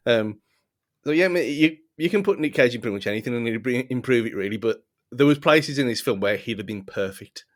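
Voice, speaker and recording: A man's voice: medium pitch, animated, fairly quick. A man co-hosting a casual film podcast who often laughs in the middle of his sentences. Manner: giggly, laughs often between words. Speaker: podcast co-host. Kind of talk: casual film-review chat.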